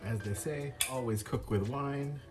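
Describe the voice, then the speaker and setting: A man's voice: mid-range voice, unhurried. An upbeat man from Louisiana walks the camera through a small house, chatting casually and cracking jokes. His voice sits in a middle register, with faint music playing underneath. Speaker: vlogger touring a backyard unit. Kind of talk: casual walkthrough tour. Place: small unit indoors and out, backyard.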